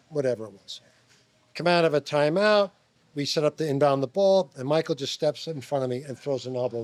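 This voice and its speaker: A middle-aged man from Long Island, a former basketball player, telling animated stories as a guest, swearing and acting out quotes. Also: medium pitch. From Long Island, New York. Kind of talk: animated storytelling. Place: restaurant.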